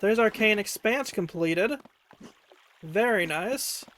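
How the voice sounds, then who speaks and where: A woman's voice: mid-range voice, animated, takes it slowly, a bit bright, slight background noise. A woman streamer chatting casually while playing a game, thinking aloud and correcting herself as she goes.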